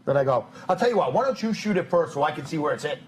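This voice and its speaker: A man with a high-pitched voice tells stories on a live stream. He is animated and casual, and he acts out the people he quotes. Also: rapid-fire, slight background noise. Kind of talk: casual storytelling chat.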